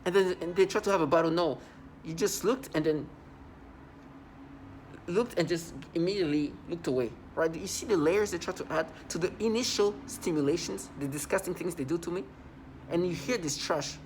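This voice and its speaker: A man's voice: a little high, moderate pace, slight background noise. A man talking straight to camera in a casual monologue, agitated and rambling, repeating himself often.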